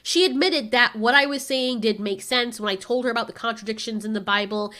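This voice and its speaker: Woman, high-pitched, bright tone, casual rant, sarcastic, swears freely. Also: fairly quick. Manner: mimics others with sharp pitch jumps. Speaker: vlogger.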